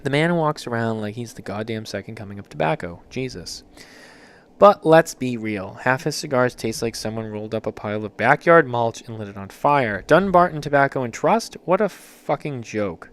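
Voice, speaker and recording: This podcast host has a medium-pitched, expressive male voice that's a bit bright and moves at a normal speed. On his casual show he reads listener submissions out loud, then riffs on them in a loose, jokey way, cursing freely.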